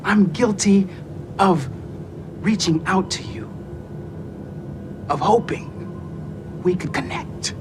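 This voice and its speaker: A man's voice: high voice, slow, pauses often, background noise. An actor playing a hurt young male engineer who turns his hurt into accusation, in a TV drama scene. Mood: wounded, bitter. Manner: wounded, accusing. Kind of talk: TV drama acting.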